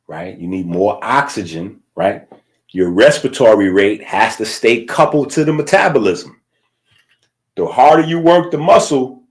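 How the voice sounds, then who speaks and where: A man with a low-sitting voice gives a casual lecture, explaining things loosely and conversationally while often checking in with "right?"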